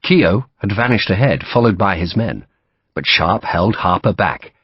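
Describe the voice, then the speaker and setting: A man narrates an audiobook with a low, husky voice and lively intonation. His delivery is measured and vivid. The recording is dry and slightly dull. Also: no room sound. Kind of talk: scripted narration.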